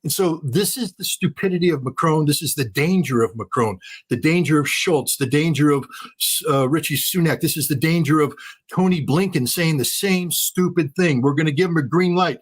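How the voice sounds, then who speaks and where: A man speaking as an interview guest, talking fast and emphatically, hammering points home by repeating phrases. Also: on the high side, breathy edge. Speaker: guest commentator. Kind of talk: heated interview commentary.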